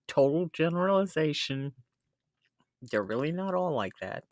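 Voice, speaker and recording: A woman's voice: sits low, animated, normal speed, darkish tone, no room sound, clean studio sound. A woman hosting a casual live stream who chats freely, laughs often and reads comments from the chat aloud. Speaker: livestream host.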